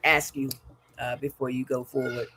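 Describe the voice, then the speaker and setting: A man's voice: mid-range voice, flat delivery, moderate pace, pushed and bright, breathy edge. A man co-hosting a casual live tutorial, chiming in with brief remarks and laughing along.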